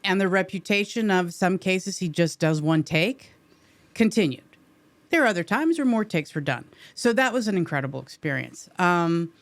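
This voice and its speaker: A woman actor as an interview guest, telling a story in an animated, emotional way. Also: on the low side, no echo.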